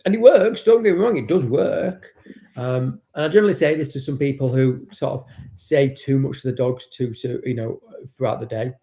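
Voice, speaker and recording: This dog trainer hosts a live stream in a warm, mid-range voice at a moderate pace. He talks casually and bluntly, swearing now and then and greeting chat viewers by name.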